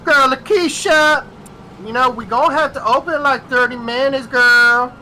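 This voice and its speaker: Man putting on a high drawling fast-food worker woman. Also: pushed and bright, a little hiss or hum, rough recording. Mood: coaxing. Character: loud lazy female fast-food worker.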